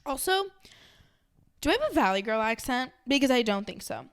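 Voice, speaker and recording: A woman's voice: on the high side, big pitch swings, moderate pace, a bit bright, clear, resonant tone. A young woman vlogging to her followers in a chatty, rambling way, full of "like" and restarts. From Los Angeles area. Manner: chatty, rambling, many fillers like "like". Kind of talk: casual chat to camera.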